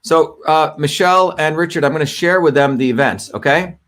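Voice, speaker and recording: Speaking a little fast with a fairly high, bright voice, a middle-aged man hosts a casual livestream, walking viewers through a clip. Talkative by nature, he repeatedly asks the audience "okay?"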